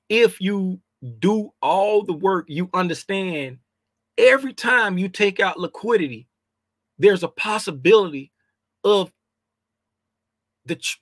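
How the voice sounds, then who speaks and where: High-voiced man teaching trading. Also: no room sound, studio quality. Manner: repetitive, emphatic, keeps asking "right?"; informal slangy speech. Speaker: trading educator. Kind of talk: casual trading lesson over charts.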